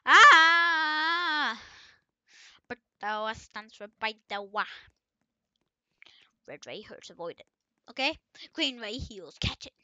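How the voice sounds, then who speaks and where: A woman chatting through a video game, excitable and often bursting into startled screams as she talks to herself and the other players. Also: medium pitch, unhurried, long pauses, no echo, highs cut off. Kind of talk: casual gameplay commentary.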